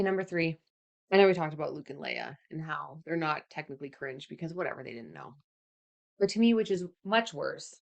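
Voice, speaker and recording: A woman's voice: fairly high pitch, fairly bright tone. A young woman hosting a podcast, chatting casually and ranting with exasperation, often slipping into mocking put-on voices. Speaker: podcast host. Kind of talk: casual solo podcast chat.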